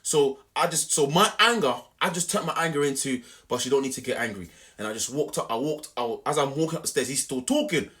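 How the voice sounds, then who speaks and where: A young man telling a story to camera in an animated, slangy, repetitive way. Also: a little high, brisk, few pauses. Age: young adult. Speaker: vlogger.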